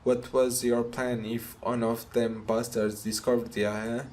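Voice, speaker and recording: Man voicing a gruff, swearing mobster. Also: medium pitch, level tone, unhurried, a little mellow, natural voice. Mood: scolding. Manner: blunt, scolding, swears. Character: gruff tough older mobster man, protective. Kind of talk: reading game dialogue aloud.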